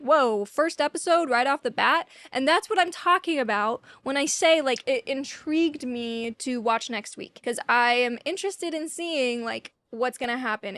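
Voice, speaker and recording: Young woman, Southern US accent, chatty vlogger, slightly high voice, smooth clear tone, dry close sound. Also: fairly bright tone, no echo. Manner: chatty, lots of "like" fillers. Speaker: YouTube reviewer. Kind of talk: casual chat to camera. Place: at home in Texas.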